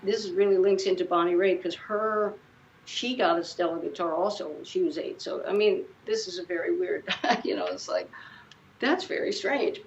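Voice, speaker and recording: A woman's voice: fairly low pitch, fairly even intonation, moderate pace, gravelly, dull audio, slight background noise. A woman in her seventies, a guest musician, chatting casually in an interview and telling rambling anecdotes full of restarts. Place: living room at home.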